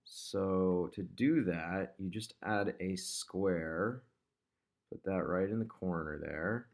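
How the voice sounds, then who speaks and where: Low, gravelly man thinking aloud. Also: slow. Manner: thinks aloud, chatty, talks to objects on screen. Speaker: digital marketer demonstrating ad design. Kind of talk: casual screen-recording tutorial.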